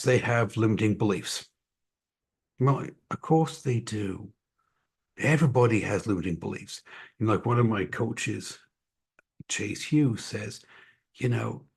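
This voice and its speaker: A man's voice: fairly low pitch, darkish tone, husky. A man running an online tutoring company talks casually and energetically to parents on a livestream, with a mixed American-Scottish accent and lots of fillers and asides. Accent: American-Scottish mix. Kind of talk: casual live-stream talk to parents.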